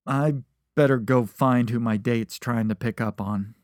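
A man voicing a pushy, cheerful teenage best friend who talks loudly and jokes around. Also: mid-range voice, unhurried, no echo, clean studio sound, lightly acted. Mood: flustered.

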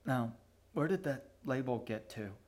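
Guy reading as a cold creepy captor, quiet and clipped, mid-low voice. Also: animated, measured pace. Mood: quiet menace. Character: cold, calculating man, quiet and menacing.

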